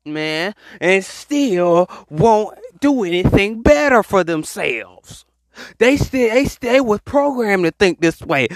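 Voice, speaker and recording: A speaker giving a rambling, slangy spiritual pep talk in a voice message, preaching with animated emphasis. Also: medium pitch, dry recording, clean studio sound. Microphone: voice message recording.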